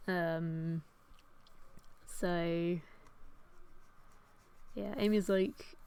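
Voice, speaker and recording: A woman's voice: lowish voice, steady tone, unhurried. A young woman casually retelling an old story while drawing, rambling with lots of "like" and "um" and frequent swearing. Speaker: artist and video host.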